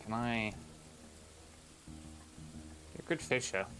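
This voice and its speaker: A man's voice: medium pitch, animated, slow pace, fairly bright tone, soft background music. Swearing man streaming a game. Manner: exasperated, swears at the game's characters, laughs often. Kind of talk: casual live gameplay commentary.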